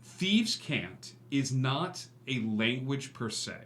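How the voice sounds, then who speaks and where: A man narrating as game master of a tabletop game, relaxed and full of fillers. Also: mid-range voice, slow. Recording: echoey room with faint hum.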